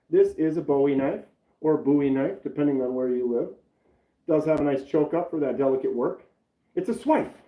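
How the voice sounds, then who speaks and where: A man casually chatting on a live stream, rambling and greeting viewers from the chat by name. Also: a little high. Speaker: knife channel live streamer. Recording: roomy, slightly dull sound.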